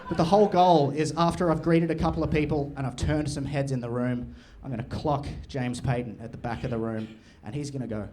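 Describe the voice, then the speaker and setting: A young man doing crude, deadpan, absurd stand-up storytelling on a comedy club stage. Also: a little high, fast, few pauses. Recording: live venue, room noise and audience.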